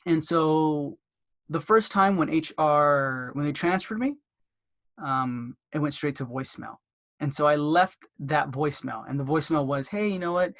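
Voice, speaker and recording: A man's voice: on the high side, measured pace, a bit bright. Chatty man coaching with acted-out calls. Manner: acts out phone dialogues in a raised voice; loose, filler-heavy delivery. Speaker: dental marketing instructor. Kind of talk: casual instructional talk.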